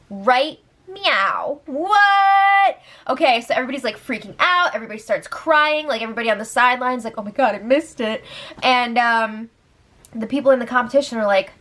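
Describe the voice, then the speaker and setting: A young woman talks through a casual recap in a slightly high voice. She is chatty and giggly, and she fills her talk with little verbal fillers. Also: fairly bright tone. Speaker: host recapping a reality show.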